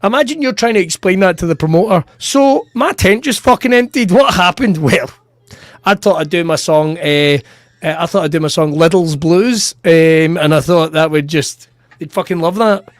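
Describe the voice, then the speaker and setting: High-voiced man telling stories. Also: normal speed, dry recording. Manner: animated, swearing, laughs through his stories. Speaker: comedian podcast host. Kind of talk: casual storytelling chat.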